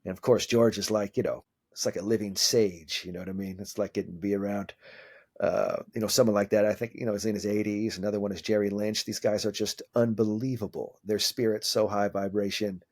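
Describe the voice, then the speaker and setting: A man in his forties with a lowish voice talks in a loose, animated way, cursing casually and slipping into quoted dialogue. He speaks as a coach in a relaxed podcast interview. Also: brisk. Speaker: mental skills coach.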